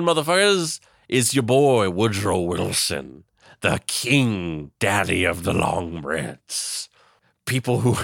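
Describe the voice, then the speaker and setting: A man's voice: lowish voice, a bit bright, no room sound, studio quality, full character voice. A man voicing a boastful, drunken older male president who rambles and brags while proudly clueless. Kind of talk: comedic impression.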